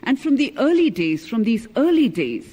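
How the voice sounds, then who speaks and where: Male diplomat, middle-aged, high-pitched, formal keynote, emphatic and deliberate. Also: very animated, warm tone. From India. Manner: emphatic, stresses key words, measured delivery. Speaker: former ambassador, conference speaker.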